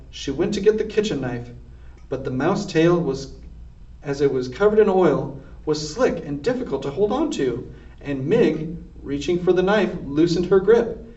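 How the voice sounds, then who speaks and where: Expressive man reading a storybook. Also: on the high side. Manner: expressive read-aloud narration. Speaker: reader. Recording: distant roomy lo-fi recording.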